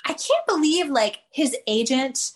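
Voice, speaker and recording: A woman's voice: high-pitched, very animated, unhurried. A woman co-hosting a casual podcast, talking enthusiastically and conversationally about favorite sitcom scenes. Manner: enthusiastic, conversational, uses "like" a lot. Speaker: podcast co-host. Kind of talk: casual chat recapping a sitcom episode.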